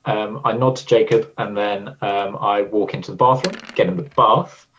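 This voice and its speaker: Low, relaxed player. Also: male voice, moderate pace, dull audio, a little hiss or hum. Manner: relaxed, drawn out with ums. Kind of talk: casual tabletop play.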